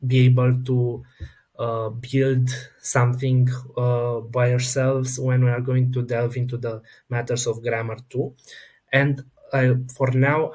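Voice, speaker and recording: A man teaching a French pronunciation lesson, talking slowly with many fillers and restarts and saying French words one at a time for the learner. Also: mid-range voice, a little mellow. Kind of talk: unscripted online lesson.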